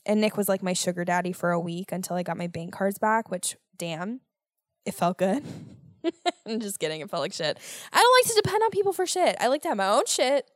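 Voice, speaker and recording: A young American woman hosting a podcast, telling a story in a casual, animated way with lots of swearing and exasperated ranting. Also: on the low side, normal speed, no room sound, studio quality. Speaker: podcast host.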